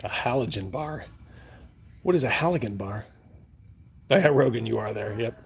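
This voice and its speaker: A man's voice: mid-range voice, expressive, moderate pace, gravelly, husky. Rambling, laughing male stream host. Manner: rambling, laughing, acts out his own panic loudly. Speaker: livestream host. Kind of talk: casual storytelling to live chat.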